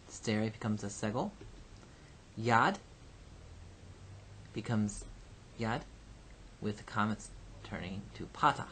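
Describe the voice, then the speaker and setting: A man teaching a recorded Hebrew grammar lesson. He explains patiently and slowly, with frequent ums and uhs. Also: on the low side, a bit bright, a little hiss or hum. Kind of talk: recorded lecture.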